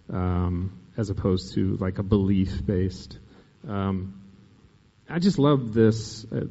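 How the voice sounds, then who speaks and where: A man hosting a casual interview, thoughtful and searching, often pausing with fillers. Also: lowish voice, dark tone. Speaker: podcast host. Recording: dull sound with long reverb.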